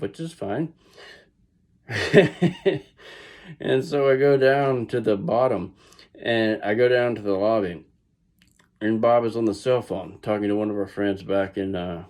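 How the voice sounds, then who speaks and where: Southern guy telling a story, rambly, lots of restarts, low gravelly voice. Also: darkish tone. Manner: rambling, with frequent restarts and asides. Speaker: vlogger. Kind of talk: casual storytelling.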